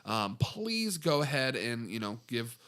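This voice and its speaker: A man's voice: medium pitch, very animated, a little slow, fairly bright tone. Rambling young male podcast co-host. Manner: rambling, restarts and fillers, self-deprecating. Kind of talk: casual podcast chat.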